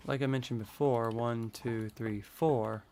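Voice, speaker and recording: Gravelly-voiced man rambling while gaming. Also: medium pitch, fairly even intonation, unhurried, a little mellow, a little hiss or hum. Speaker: streamer. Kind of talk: casual live-stream chat while building.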